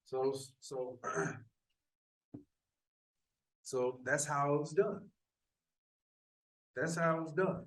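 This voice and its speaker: A man's voice: fairly high pitch, extremely slow, pauses often, fairly bright tone. Emphatic man in an echoey room. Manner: emphatic, repeating himself. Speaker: channel host. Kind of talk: religious commentary. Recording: echoey room, far from mic.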